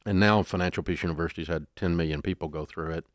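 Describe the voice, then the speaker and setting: An older man as an interview guest, telling stories in a folksy, animated way. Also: sits low, fast talker, no echo, studio quality. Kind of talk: storytelling interview.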